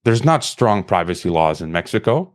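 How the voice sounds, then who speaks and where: A man's voice: sits low, sing-song, normal speed. A man hosting a podcast interview, telling a long personal story in an impassioned, rambling way, with many restarts before he asks his question. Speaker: podcast host.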